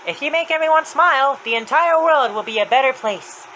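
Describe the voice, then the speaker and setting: A man voicing a cheerful but menacing male apple mascot killer, in high, drawn-out sing-song threats. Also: lively intonation, bright, forceful tone, a little hiss or hum, heavily acted, poor audio. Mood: sinister cheer.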